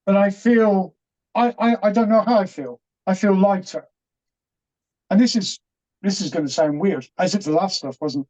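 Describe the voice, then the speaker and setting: A middle-aged man, earnest and halting, telling a personal story as an interview guest with many restarts. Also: high voice, a little mellow. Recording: dull, muffled audio.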